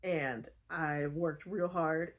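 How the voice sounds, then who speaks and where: A woman voicing a blunt, possessive male alien barbarian in a casual book retelling, speaking low and quietly. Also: steady tone, drawn-out words, full character voice.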